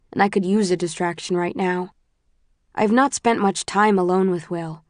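A woman reads a first-person novel aloud in a measured, introspective way. Her voice sits on the lower side for a woman. The sound is close and dry, with no room echo. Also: a little mellow. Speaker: audiobook narrator.

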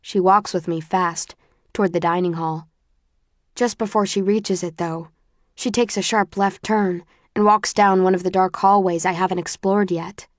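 A woman reading a first-person audiobook in a steady, even storytelling voice. Her pitch sits somewhat low, and the studio sound is dry and close. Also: normal speed, no echo. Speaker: audiobook narrator.

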